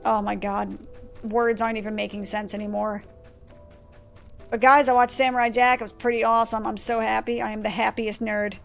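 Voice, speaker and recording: A woman gaming streamer talks through her play in a casual, rambling way, excitable and quick to swear. Her voice sits a bit high with a gravelly edge, and faint game music runs underneath. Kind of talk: casual let's-play commentary.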